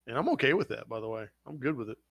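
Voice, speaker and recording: A man hosting a casual podcast chat, telling stories in an excitable, profane way. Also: medium pitch, rapid-fire, creaky, no room sound. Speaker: podcast host.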